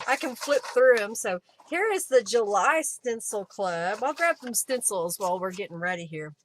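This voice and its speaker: A woman with a mid-range voice and lively intonation hosts a live crafting stream from her home craft room at a moderate pace, with a little hiss or hum in the audio. She chats in a casual, rambling way, thinking aloud as she searches for supplies.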